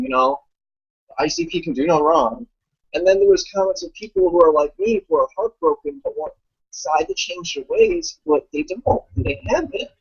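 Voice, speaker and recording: A man talking in a casual, rambling way, animated and profane, with lots of fillers. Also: high voice, breathy edge. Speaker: guest commentator. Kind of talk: casual chat. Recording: dull lo-fi audio.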